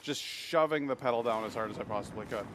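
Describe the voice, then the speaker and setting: A man's voice: mid-range voice, quick pace, heavy background noise. A man streaming a video game live, telling rambling anecdotes and swearing freely at the game. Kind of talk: live gameplay commentary and storytelling.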